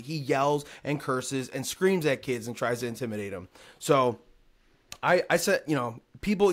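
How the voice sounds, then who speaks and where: A man's voice: medium pitch, a bit bright. Male podcast host, heated profane rant, casual chat.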